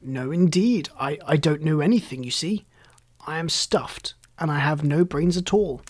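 A storybook reader voicing a friendly, gentle male scarecrow with a husky voice, polite and earnest, sometimes dropping into a confiding half-whisper. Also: mid-range voice, normal speed, natural voice. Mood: plaintive. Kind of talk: storybook reading.

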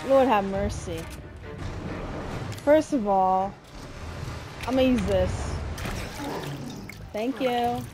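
A young woman commenting on her gameplay at an unhurried, drawn-out pace, trash-talking and cursing at the enemies. Her voice sits a little high, and game music plays clearly behind her. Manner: trash-talking, profane, excitable. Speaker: gameplay streamer.

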